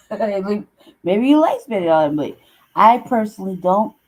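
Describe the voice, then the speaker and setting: A woman's voice: medium pitch, very animated, brisk, low-quality recording. A woman hosting a casual livestream, talking bluntly with heavy swearing and bursts of laughter. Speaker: show host.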